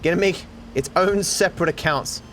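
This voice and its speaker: Over background music, a man with a high voice speaks at a normal pace while streaming a game. He jokes at his own expense, swears freely, and chats with his viewers as he comments on the gameplay.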